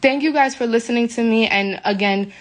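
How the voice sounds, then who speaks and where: A woman's voice: on the high side, fairly quick. An upset, shaken woman from the United States vents to her followers in a live video from a hotel room. She talks emphatically into her phone and repeats herself. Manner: emphatic and repetitive, venting. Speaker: vlogger speaking to her viewers.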